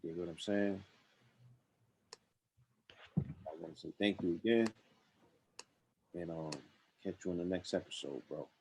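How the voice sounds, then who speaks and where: A man's voice: low voice, fairly even intonation, unhurried, gravelly, long pauses, darkish tone, a little hiss or hum, low-quality recording. A man hosting a live-streamed talk show, promoting events in a laid-back, slang-filled way. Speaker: podcast host. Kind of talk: casual live-stream chat.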